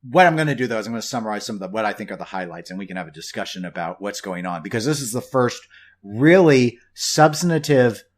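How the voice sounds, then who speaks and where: A man's voice: fairly low pitch, lively intonation, fast talker. Guy cohosting a podcast, rambly and wry, keeps restarting sentences, just chatting. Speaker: podcast co-host. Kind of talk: casual podcast chat.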